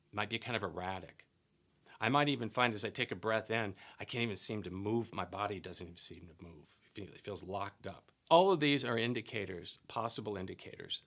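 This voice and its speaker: A middle-aged man teaching in a calm, measured way, explaining a method with personal anecdotes. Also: lowish voice, gravelly.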